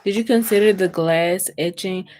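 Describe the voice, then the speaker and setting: A woman's voice: mid-range voice, moderate pace, a little mellow, slight background noise. A young adult woman from Mississippi with a Southern US accent, chatting casually with viewers on a crafting livestream and answering their comments.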